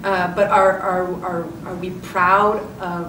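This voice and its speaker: A woman, an actress, telling a story in a press interview with excitement and many restarts. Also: lowish voice, takes it slowly. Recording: roomy, distant, noisy.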